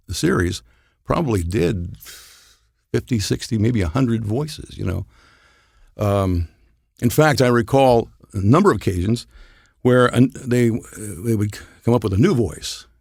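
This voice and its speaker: A man's voice: medium pitch, vocal fry, no room sound, studio quality. An older man, a voice actor guest, telling rambling anecdotes with chuckles in a casual podcast chat.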